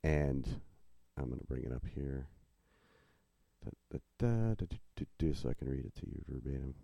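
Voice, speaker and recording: Very deep-voiced man in mellow chat. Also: animated, normal speed, vocal fry, no room sound. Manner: easygoing, with frequent restarts and laughs. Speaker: podcast co-host and group admin. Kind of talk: casual chat.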